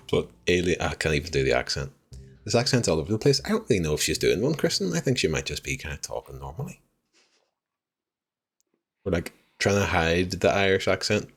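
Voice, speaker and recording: Deep-voiced man chatting over a game. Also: very animated, a little fast, long pauses, husky. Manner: chatty, laughs, swears freely. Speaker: streamer. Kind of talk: casual gameplay commentary. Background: game audio.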